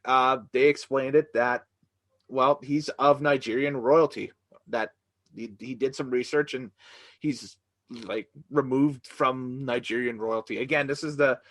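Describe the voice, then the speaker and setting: A man's voice: mid-range voice, steady tone, a little slow, fairly bright tone. A man hosting a casual review podcast, speaking in an easygoing way that is full of chuckles and hesitant fillers. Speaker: podcast host. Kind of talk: casual wrestling review chat.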